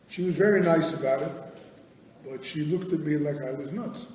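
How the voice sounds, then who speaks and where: An older man teaching a Torah class, telling a story with lively asides and acting out family dialogue. His voice sits a little high with a mellow tone. He is heard from a distance in a large, echoing hall. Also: moderate pace. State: hard of hearing. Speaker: guest rabbi speaker. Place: large hall with live audience. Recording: echoey hall from far off.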